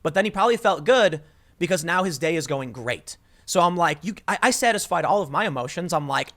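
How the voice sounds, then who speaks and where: A man's voice: a little high, big pitch swings, quick pace, fairly bright tone. A man hosting a casual commentary monologue, talking emphatically with frequent restarts as he tells a story. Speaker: political commentary host.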